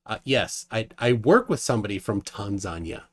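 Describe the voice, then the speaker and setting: A man's voice: on the low side, expressive, moderate pace, fairly bright tone, slightly rough. Wry man hosting a live debate stream. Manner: wry, reads out viewer comments, laughs often. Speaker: livestream debate host. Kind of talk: casual live debate chat.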